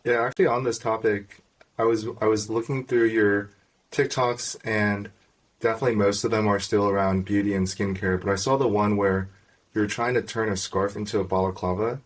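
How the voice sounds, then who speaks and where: A man hosting a podcast, asking measured, well-formed interview questions. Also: on the low side, steady tone, distant mic. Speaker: podcast host.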